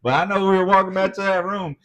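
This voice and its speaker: A middle-aged man chatting casually as host of a live stream, telling a story with lots of swearing and acted-out quotes. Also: quick pace. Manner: animated, swearing, acts out quotes with big pitch jumps.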